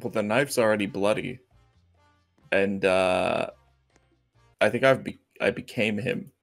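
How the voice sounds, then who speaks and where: A young man with a fairly low voice chats over a game in a dry, playful way. He slips into mock-formal lines and shares plenty of jokes. Faint game music plays behind him. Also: a little slow, creaky. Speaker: gaming friend. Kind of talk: casual gaming chat.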